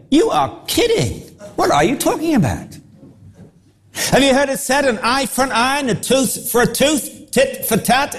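A man preaching a sermon, acting out the crowd's reactions with animated delivery. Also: very high voice.

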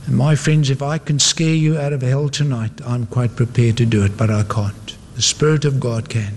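A man's voice: mid-range voice, normal speed, hardly any pauses, slight background noise. A man preaching a sermon with an emphatic, repetitive cadence. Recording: long reverb of a large hall.

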